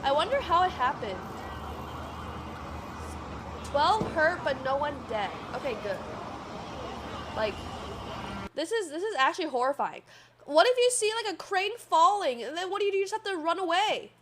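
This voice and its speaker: A young woman in her twenties livestreaming, talking in a rambling, animated way with many fillers and some swearing. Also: very high voice, moderate pace, pauses often, background noise. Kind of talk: casual stream chat, storytelling.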